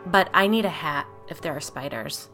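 A man's voice: fairly high pitch, animated, moderate pace, bright, forceful tone, faint music behind. A woman voicing a cautious husband who jokes dryly in a matter-of-fact way. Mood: offering. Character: adult man, wry and cautious husband.

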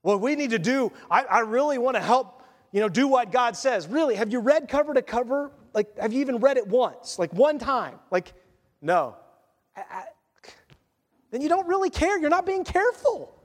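A man preaching a sermon as pastor, conversational and animated, firing off sarcastic rhetorical questions. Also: very high voice, moderate pace. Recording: long reverb of a church hall.

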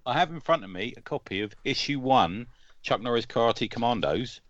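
A man co-hosting a casual podcast, delivering crude jokes in a deadpan way. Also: medium pitch, brisk, no room sound, dull audio.

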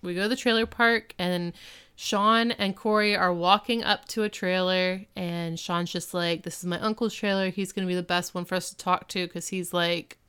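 A woman's voice: fairly low pitch, steady tone, normal speed, a bit bright, smooth. A woman co-hosting a podcast, casually retelling an episode with lots of "like" and "um". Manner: rambling retelling full of "like" and "um". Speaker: podcast co-host recapping an episode. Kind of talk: casual chat.

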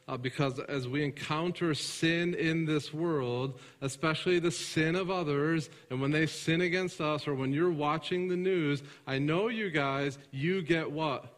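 A pastor with a medium-pitched voice preaches a sermon, alternating loud, emphatic passages with hushed, soft ones. He poses questions to his congregation and answers them himself, and the recording has the reverb of a large room.

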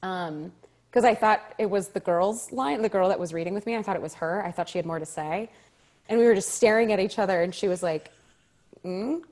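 A woman actor telling a story as an interview guest, animated and quick to laugh, acting out the lines she quotes. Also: mid-range voice.

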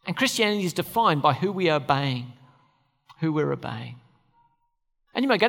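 A man's voice: a little high, sing-song, moderate pace, gravelly, long pauses, fairly bright tone. A pastor preaching a conversational sermon to his church, often turning questions to the listeners. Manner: conversational, asks the audience questions. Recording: long hall reverb.

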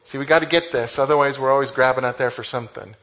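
A man preaching a conversational sermon, animated, with sudden exclamations. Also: mid-range voice, fast talker. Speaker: pastor.

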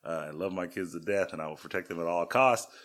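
A man's voice: low voice, fast, fairly bright tone. A man in his thirties, a podcast co-host, telling self-deprecating stories in a rambling casual way with lots of restarts. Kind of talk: casual storytelling chat.

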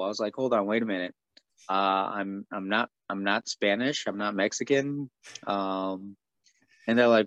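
Low-voiced man on dull, dry audio. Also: fairly even intonation, normal speed, no room sound. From United States. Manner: easygoing, filler-heavy storyteller. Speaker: guest, martial artist and stuntman. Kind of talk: casual interview chat.

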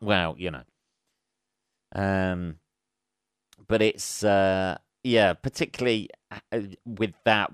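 A man's voice: fairly low pitch, fairly bright tone, smooth, dry recording, studio quality. A man hosting a podcast alone, rambling in a casual, sweary, sarcastic way and laughing at his own jokes. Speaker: podcast host. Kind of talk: casual solo monologue.

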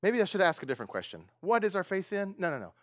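A man's voice: high voice, sing-song, fast, fairly bright tone, no room sound, studio quality. A man preaching a sermon, talking conversationally, asking the audience questions and often laughing. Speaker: pastor.

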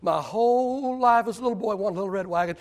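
An older man, a pastor, preaching a sermon that swings from quiet storytelling to loud shouting. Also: sits high, fast.

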